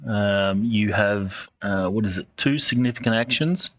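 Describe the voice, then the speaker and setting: A man acting as game master over voice chat, pausing often with ums and uhs as he calls for rolls. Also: fairly low pitch, fairly bright tone, no room sound. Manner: halting, with many ums and uhs. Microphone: online call mic. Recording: dull lo-fi mic with faint noise.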